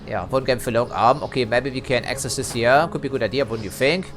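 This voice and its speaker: A man's voice: mid-range voice, fast, a little hiss or hum. A man giving casual let's play commentary, chatty, hedging and dryly critical as he plays.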